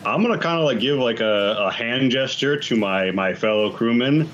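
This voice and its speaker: A man's voice: medium pitch, animated, normal speed, fairly bright tone. A man playing in a tabletop role-playing game, talking casually and profanely, on slightly dull audio with faint music. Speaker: player.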